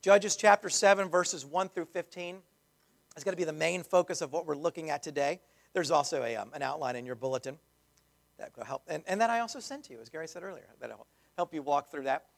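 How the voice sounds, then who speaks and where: A pastor delivers his sermon in a gravelly, creaky voice. He speaks conversationally, restarting phrases and dropping in casual asides as he works through his message. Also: on the high side, brisk.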